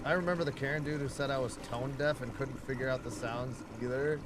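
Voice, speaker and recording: Heavy background noise surrounds a man livestreaming a video game in a mid-range voice with fairly even intonation and a quick pace. He rambles profanely, chatting casually with his audience and addressing the game directly.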